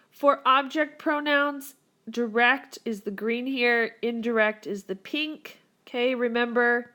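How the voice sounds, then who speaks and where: A woman's voice: a little high, fairly bright tone. A woman teacher recording a whiteboard grammar lesson for her students, upbeat and encouraging as she walks them through the rules. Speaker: Spanish teacher.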